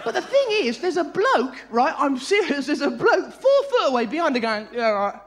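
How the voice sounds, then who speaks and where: A middle-aged man doing a frantic live stand-up routine, breaking into sudden high yelps, on a large theatre stage. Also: sing-song, moderate pace. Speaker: stand-up comedian. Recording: live theatre audio with loud audience laughter.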